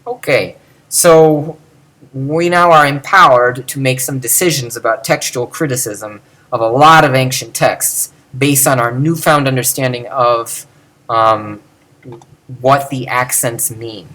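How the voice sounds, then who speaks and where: A man's voice: medium pitch, measured pace, bright, forceful tone. A man giving an informal video lecture on Ancient Greek, thinking aloud and demonstrating pronunciations.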